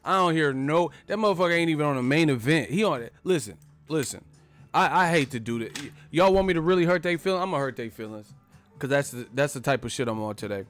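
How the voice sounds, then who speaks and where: A man's voice: on the high side, expressive, quick pace, a bit bright, faint music behind. A man hosting a casual live boxing chat, brash and profane, talking with frequent laughs. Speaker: boxing channel host. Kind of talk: casual live-stream commentary.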